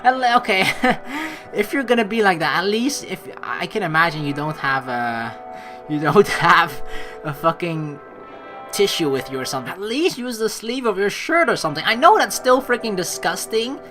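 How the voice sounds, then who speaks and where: A woman's voice: on the low side, lively intonation, normal speed, music in the background, poor audio. A woman hosting a let's play, reading a visual novel aloud and breaking off into sarcastic, swearing asides.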